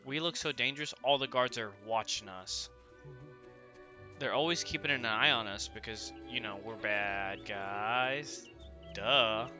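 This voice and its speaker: A man's voice: mid-range voice, a little slow, pushed and bright. A young man hosting a gaming channel, chatting casually about his gameplay and often asking viewers "right?". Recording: voice-over with game music behind.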